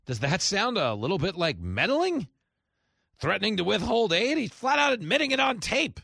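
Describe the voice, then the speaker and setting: A man's voice: high voice, big pitch swings, moderate pace, vocal fry, bright, forceful tone, no room sound, clean studio sound. A man hosting a radio talk show, delivering a heated, sarcastic opinion monologue. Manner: heated, sarcastic, mocking voices of opponents.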